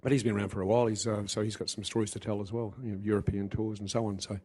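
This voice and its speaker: A man's voice: on the low side, level tone, very fast, a little mellow, husky. A man from New Zealand with a mixed New Zealand and English accent, chatting casually on a podcast and laughing easily.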